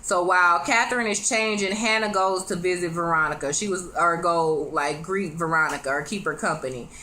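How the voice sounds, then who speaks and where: Bright-voiced woman recapping a TV episode. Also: lowish voice, brisk. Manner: chatty, conversational, acts out quoted lines; talks straight to viewers. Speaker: TV show reviewer. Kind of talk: casual episode recap vlog.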